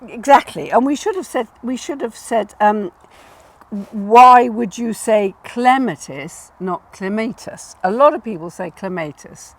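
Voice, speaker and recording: A woman hosting a casual chat about plant names, instructive and quick to laugh, repeating words to stress them. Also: on the high side, lively intonation. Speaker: garden designer and host.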